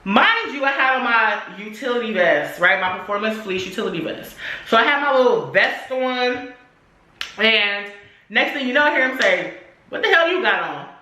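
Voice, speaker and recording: Young adult woman, vlogger, casual storytime, slangy, profane, bright voice, roomy echo. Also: on the high side, animated, moderate pace. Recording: echoey room.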